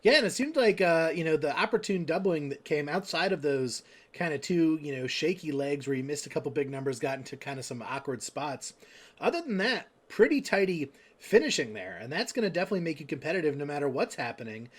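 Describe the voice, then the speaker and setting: Guy hosting a darts stream, kinda high voice, rambly post-match questions. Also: lively intonation, a little fast. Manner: casual, rambling questions with fillers. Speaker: host and commentator.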